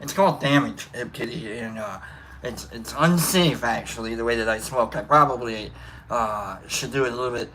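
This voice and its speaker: A man's voice: medium pitch, normal speed, sharp tone, a little hiss or hum. A man hosting a casual livestream, rambling, musing aloud between coughs and reading out chat comments. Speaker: livestream host.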